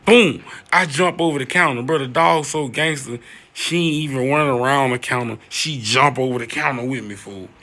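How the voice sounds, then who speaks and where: Excitable young man telling a wild story. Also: a little hiss or hum. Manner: excitable, slangy, reenacts voices with big pitch jumps. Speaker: storyteller vlogger. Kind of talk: animated storytime monologue.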